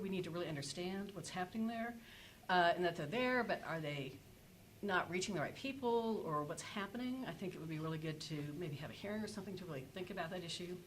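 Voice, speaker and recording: Lower-voiced woman presenting on a panel. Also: a bit bright, slight background noise, low-quality recording. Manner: hesitant, many fillers and self-corrections. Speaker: energy policy panelist.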